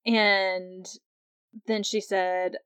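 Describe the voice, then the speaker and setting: A young woman hosts a podcast, talking through an episode in a loose, chatty way. Her voice sits at an ordinary middle pitch, and she laughs often. The sound is dry and close to the mic. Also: level tone, very slow, a bit bright, clear, resonant tone, no echo. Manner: chatty, laughs often, acts out quotes in a higher voice. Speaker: podcast host. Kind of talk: casual episode recap.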